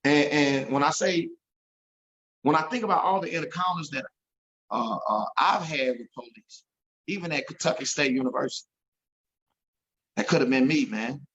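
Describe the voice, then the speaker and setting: A man's voice: fairly high pitch, expressive, moderate pace, long pauses, fairly bright tone, dull audio. A man telling an emotional story as an interview guest, earnest and repeating himself when moved.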